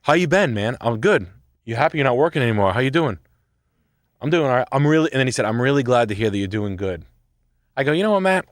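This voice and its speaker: A man's voice: medium pitch, fast, no room sound, studio quality. A man from Rhode Island telling a story in casual, profane talk, acting out the quoted voices as he goes. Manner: animated, swearing, acts out quoted voices. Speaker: show regular telling a story.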